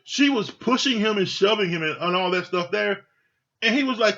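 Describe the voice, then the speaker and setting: Bright, blunt man ranting casually. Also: sits high, lively intonation, moderate pace, muffled recording. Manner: blunt, profane, exasperated commentary. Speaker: reality show reviewer. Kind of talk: casual rant review.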